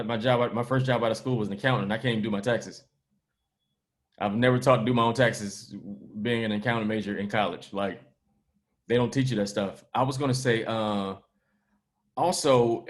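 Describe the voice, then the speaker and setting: A man who is a comedian and podcast host, making his point in casual conversation with emphatic, slangy delivery. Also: mid-range voice.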